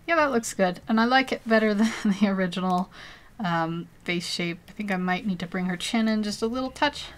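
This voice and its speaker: A chatty American woman talks to her live-stream viewers while she works on a drawing. She giggles often between phrases and pokes fun at herself. Her pitch sits in the middle range for a woman. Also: a little fast. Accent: General American. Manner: chatty, self-deprecating, reads and answers chat.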